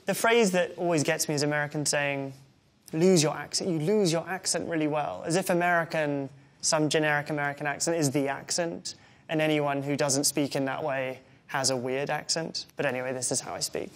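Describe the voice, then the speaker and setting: A man's voice: on the high side, steady tone, a little fast, a bit bright. A man in his twenties with an English accent reads questions aloud and answers them with wry, self-deprecating humor. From England. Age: 20s. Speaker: interviewee.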